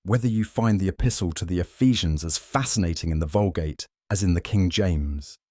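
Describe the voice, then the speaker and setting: A man reads as a sharp, coolly observant detective with a deep, low voice. He speaks in a crisp, measured, faintly wry way. The sound is dry and close. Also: no room sound.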